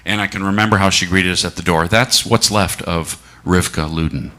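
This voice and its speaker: The middle-aged preacher's voice sits low, with fairly even intonation and a pushed, bright quality. During the church service he's reflective and unhurried, asking rhetorical questions and slowing down for emphasis.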